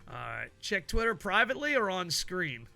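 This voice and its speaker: A man streaming a hockey video game, chatting with his viewers in a loose, profane, excitable way. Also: high voice, normal speed, creaky, faint music behind. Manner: profane, excitable banter with chat. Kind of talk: casual live gaming stream chat.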